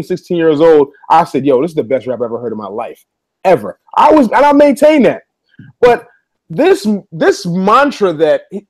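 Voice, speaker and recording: A man in his thirties with a slightly high voice talks in an earnest, emphatic way on a casual talk show. He states his views plainly and at a measured pace, and he says exactly how he feels. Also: a little mellow, poor audio. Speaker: podcast co-host. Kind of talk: casual chat.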